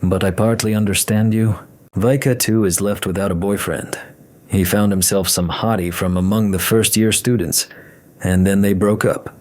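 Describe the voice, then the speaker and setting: A man's voice: fairly low pitch, steady tone, moderate pace, a little mellow, close to an everyday voice. A man voicing a friendly, chatty young female student in a story.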